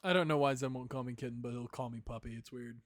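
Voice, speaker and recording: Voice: fairly even intonation, fast talker. A tabletop game player chatting casually on a voice call, playful and teasing. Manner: playful, teasing, breaks into high meows. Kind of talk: casual chat before a game session.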